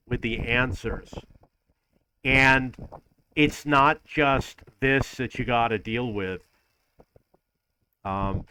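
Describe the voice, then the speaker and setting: A man's voice: medium pitch, bright, forceful tone, clean tone, poor audio. A man from New York ranting in an audio-only vlog, exasperated and repetitive. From New York, USA. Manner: exasperated, repeats himself, mimics others in lists. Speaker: vlogger. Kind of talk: audio-only complaining rant.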